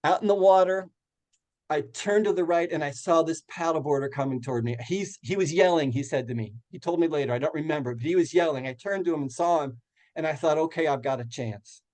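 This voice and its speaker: A man's voice: fairly high pitch, fairly quick, a little mellow. A man giving a talk, earnestly retelling a personal story in vivid detail. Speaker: guest speaker. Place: retirement community hall.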